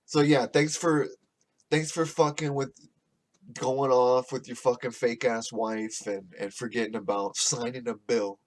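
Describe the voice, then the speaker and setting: A man in the middle of a loose podcast rant, swearing constantly and drifting from point to point. His tone is sarcastic and offhand, with an ordinary mid-pitched voice. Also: steady tone, measured pace. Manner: profane, rambling, sarcastic. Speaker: podcast host. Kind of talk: casual rant.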